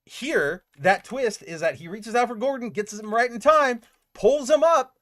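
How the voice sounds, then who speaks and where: A man hosting a comic book podcast, recapping an issue in casual, animated chat, filling his talk with "like" and swearing freely. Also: extremely high pitch, measured pace.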